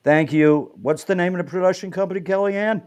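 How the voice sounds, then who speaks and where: A man's voice: high-pitched, a little fast, a little mellow, smooth. A man hosting an interview show, playful and loose in casual chat. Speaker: host.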